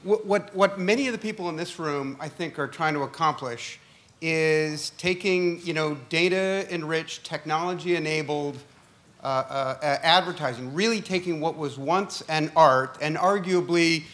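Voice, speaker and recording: Male conference moderator, a touch high, long wordy questions, lots of ums. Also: fairly bright tone. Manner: long hesitant questions full of fillers, jokey. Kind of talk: onstage conference Q&A.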